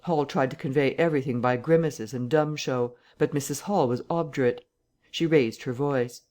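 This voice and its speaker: Here a classic novel is narrated for an audiobook in an even, steady manner, delivered at moderate speed in a voice of middle pitch.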